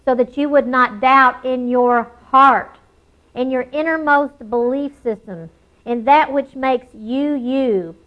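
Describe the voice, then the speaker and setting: A woman preaching a sermon, emphatic, slowing down and repeating key phrases for weight. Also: sits high, dull audio.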